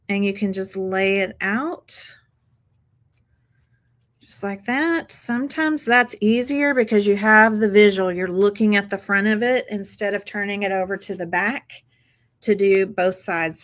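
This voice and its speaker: A woman walks her viewers through a craft project at her table, chatty and upbeat, calling them "you guys." Her voice sits at a middling pitch, casual and friendly in tone. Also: steady tone, a little slow, fairly bright tone, rough recording. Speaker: craft tutorial host.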